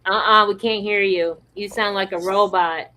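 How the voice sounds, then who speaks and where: A woman's voice: medium pitch, steady tone, moderate pace, sharp tone, low-quality recording. Woman podcast host, earnest, encouraging, mid voice. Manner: encouraging, earnest, advice-giving. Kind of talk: motivational podcast talk.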